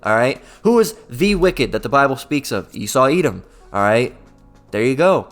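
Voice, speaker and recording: A man preaching and reading scripture in a forceful, profane style, constantly tagging his points with a questioning "all right?" and stumbling over repeated words. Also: medium pitch, big pitch swings, normal speed, soft background music.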